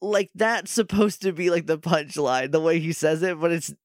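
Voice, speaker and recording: A man co-hosting a casual podcast, recapping a show with quick, animated impressions of the characters. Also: fairly high pitch, no echo, studio quality. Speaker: podcast co-host.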